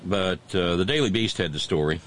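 A man's voice: low-pitched, animated, a little fast, a little hiss or hum. A man hosting a talk show, giving sarcastic, mocking commentary and reading out listener messages.

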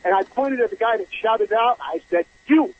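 A man calling in to a radio show, telling a long story in a rambling, halting way and acting out the people in it. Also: sits high. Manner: rambling, halting, acts out voices in his story. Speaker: caller. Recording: muffled phone line on radio.

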